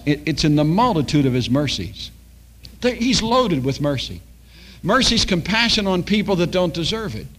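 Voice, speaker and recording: A man's voice: sits high, fairly bright tone. An older man preaching a sermon as a pastor, telling stories and acting out the dialogue.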